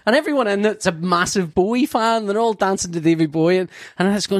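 A man telling an animated story in casual chat, laughing and swearing freely. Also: sits high, fast, hardly any pauses, no echo, studio quality.

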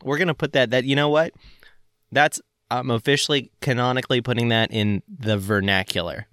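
A man's voice: mid-range voice, fairly even intonation, fairly quick, a bit bright, clean tone, no room sound, studio quality. Rambling Southern man hosting a podcast. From northern Florida. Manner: rambling, joking, many fillers. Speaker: podcast host. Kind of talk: casual chat.

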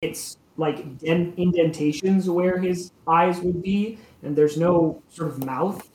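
Game master, rambling narration, tabletop game, mid pitch, echoey room, faint hiss. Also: slow, darkish tone. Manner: loose, rambling narration with fillers.

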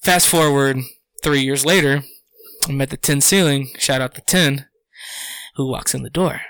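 A man telling a story in casual podcast chat, animated, swearing freely and acting out what people said. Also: medium pitch, measured pace, clear, resonant tone, no echo.

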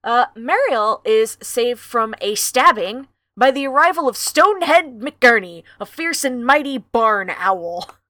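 A woman co-hosting a book podcast, summarizing and reading aloud between jokes. Her voice is high and bright, and the recording is dry and close. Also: a little slow, no echo. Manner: laughing, profane, animated. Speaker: podcast co-host. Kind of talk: casual book-club chat and read-aloud.

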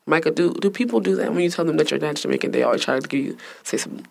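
A woman's voice: sits low, very fast, creaky, a little mellow. A young woman hosting a casual podcast, teasing and laughing through the banter. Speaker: podcast host. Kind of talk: casual chat.

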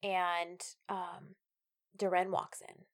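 Animated woman recapping a TV episode. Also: on the low side, extremely slow. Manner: animated, exasperated, quotes characters. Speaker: podcast co-host recapping a TV series. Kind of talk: casual chat.

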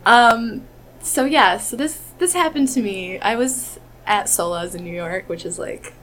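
A woman's voice: medium pitch, a little slow, fairly bright tone, a little hiss or hum. A woman guest telling a personal story in casual podcast chat, often quoting herself. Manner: giggly storyteller, quotes herself.

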